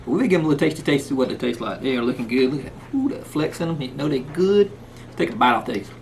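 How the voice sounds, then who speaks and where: A man's voice: medium pitch, lively intonation, fast talker, slight background noise. A man hosting a casual cooking vlog, talking folksy and sometimes with food in his mouth. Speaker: cooking channel host. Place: outdoors in the rain, then indoors.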